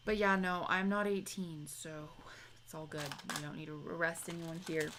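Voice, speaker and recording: Young adult woman, chatty stream co-host with a low voice; noisy home recording. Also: normal speed, fairly bright tone. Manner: chatty, rambling, reads chat messages aloud. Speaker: livestream co-host. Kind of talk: casual livestream chat.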